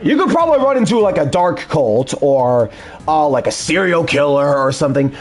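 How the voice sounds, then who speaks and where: A man's voice: on the high side, big pitch swings, moderate pace, soft background music. A man dubbing a video game, breaking off into casual rambling asides with loose swearing. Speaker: let's play dubber. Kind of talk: casual commentary over a game.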